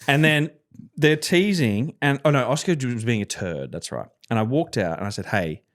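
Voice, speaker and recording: A man co-hosting a podcast, telling a lively story and swearing freely as he acts out what people said. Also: mid-range voice, normal speed. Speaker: podcast co-host. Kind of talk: casual chat.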